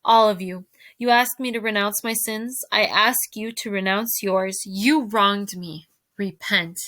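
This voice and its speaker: A woman's voice: mid-range voice, steady tone, measured pace, sharp tone, no echo. A woman reading as a brave little mouse. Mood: firm. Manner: firm, earnest. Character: small brave young male mouse hero.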